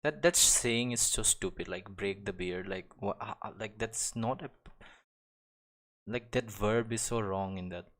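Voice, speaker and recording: A man's voice: fairly low pitch, measured pace, fairly bright tone. A young man chatting casually and rambling while he draws on a live stream, full of restarts and small chuckles. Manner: rambling, many restarts and fillers, chuckles often. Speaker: live-stream digital artist. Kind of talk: casual chat while drawing.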